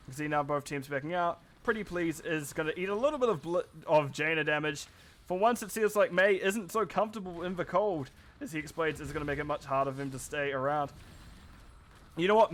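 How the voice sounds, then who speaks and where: A man's voice: on the high side, a bit bright. A man with a New Zealand accent casting a live esports match, chatty and self-deprecating, with rambling asides. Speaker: esports caster. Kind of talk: live esports play-by-play commentary.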